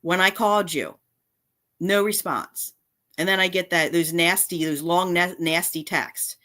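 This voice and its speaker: A woman's voice: lowish voice, lively intonation, moderate pace, bright, forceful tone. A woman vlogger delivering an angry, confrontational rant straight to camera, indignant and repeating her points. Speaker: cat channel vlogger.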